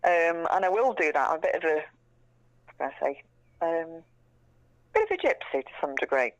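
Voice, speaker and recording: A woman's voice: low voice, sing-song, normal speed, no echo, highs cut off. Woman, interview guest, chatty and frank, casual swearing, dry close mic sound. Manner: chatty, frank, swears casually, repeats words when she restarts.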